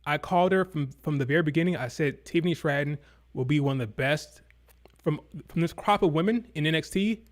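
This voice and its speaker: A man giving casual, opinionated commentary on wrestling, blunt and exasperated. His voice sits slightly high, and he stumbles over and repeats his words as he talks. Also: fairly quick. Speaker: wrestling show reviewer.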